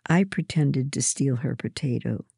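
Low, husky woman reading a story. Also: a little slow, mellow, dry recording, studio quality. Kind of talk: first-person storybook narration.

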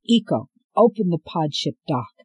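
A man's voice: fairly high pitch, big pitch swings, moderate pace, breathy edge, exaggerated voice. A man voicing a tense young woman mechanic who speaks in clipped, urgent bursts.

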